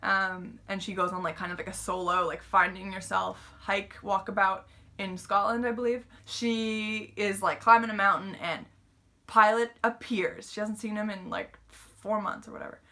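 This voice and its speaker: A woman's voice: medium pitch, fairly even intonation, moderate pace, sharp tone. A woman giving a casual, chatty book review, retelling the plot with lots of "like" and fillers.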